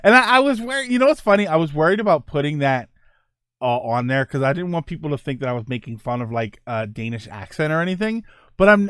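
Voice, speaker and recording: A man in his forties, a streamer and host, runs a casual livestream chat, rambling enthusiastically and laughing often. His voice is fairly high and fairly bright, recorded with clean studio sound and no echo.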